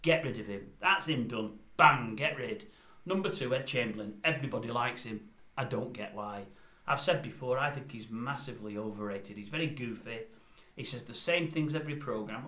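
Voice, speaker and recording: An older man rants through a blunt, grumbling review in a mid-pitched voice, repeating his complaints. He is recorded in a room that gives his voice a noticeable echo. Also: lively intonation, a little fast, bright, forceful tone. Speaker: vlogger. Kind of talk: ranting review.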